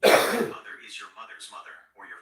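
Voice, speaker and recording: A man's voice: fairly quick, fairly bright tone, far from the mic. A male AI voice assistant speaking in a polite, formal, apologetic, scripted way, played through a speaker. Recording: played through a speaker in a roomy space, away from the mic.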